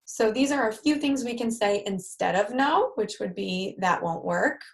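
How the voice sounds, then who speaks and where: A woman's voice: medium pitch, expressive, moderate pace, creaky. A woman with a New York accent leading a live-streamed parenting workshop, talking conversationally and acting out example phrases for parents to say to children. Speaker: parenting group leader.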